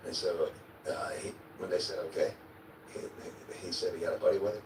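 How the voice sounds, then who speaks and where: A man being interviewed tells a vivid story casually, acting out his own quotes and now and then swearing or chuckling. His voice is low-pitched, gravelly and a little mellow, a little fast with fairly even intonation. The replayed clip sounds echoey, distant and noisy.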